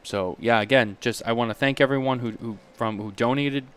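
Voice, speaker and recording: A man co-hosting a podcast in casual chat, halting and full of restarts and fillers. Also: medium pitch, a bit bright, smooth. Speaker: podcast co-host.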